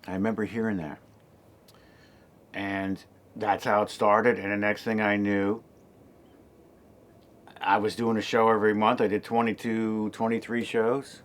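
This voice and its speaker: An older man in his sixties recounts his own path in a relaxed, conversational way. His voice sits a little low. He rambles, restarts sentences and fills pauses with ums and you-knows. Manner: rambling, many fillers and restarts. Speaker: actor and creator telling his story. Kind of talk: casual personal storytelling.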